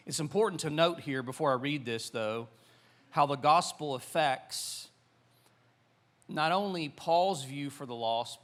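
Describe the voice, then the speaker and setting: A Southern American man in his forties preaching to his congregation. He keeps it loose and chatty, with frequent ums and restarts. His voice sits at an average pitch. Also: fairly bright tone. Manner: conversational, many fillers and restarts. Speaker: pastor. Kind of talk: sermon.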